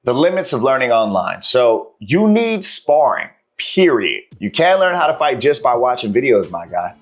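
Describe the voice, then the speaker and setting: A man's voice: medium pitch, very animated, normal speed. A man, a martial arts coach, talking in a casual, slangy and profane way as he tells his story to the camera.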